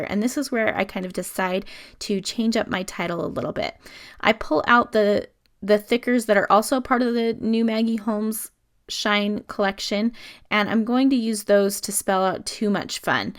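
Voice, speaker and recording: Chatty woman narrating a craft video. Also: mid-range voice. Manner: chatty, explains each step as she works. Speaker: scrapbooking video host. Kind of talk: casual crafting voice-over.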